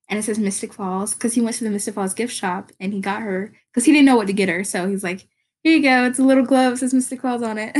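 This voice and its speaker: A woman's voice: mid-range voice, slightly rough. A woman hosting a casual solo podcast, rambling, giggling often and searching for words. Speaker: podcast host.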